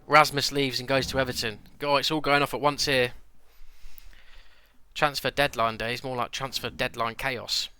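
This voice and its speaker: A man's voice: mid-range voice, little pitch movement, moderate pace, bright, forceful tone, clear, resonant tone. Chatty man streaming a game. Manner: chatty, talks to viewers, rants and exclaims. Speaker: streamer playing a football management game. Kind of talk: casual gameplay commentary.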